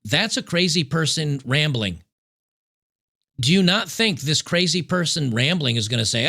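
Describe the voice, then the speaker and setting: A man hosting political commentary, reacting to news clips in an emphatic, sarcastic way and repeating key points slowly. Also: a little high, lively intonation, creaky, sharp tone.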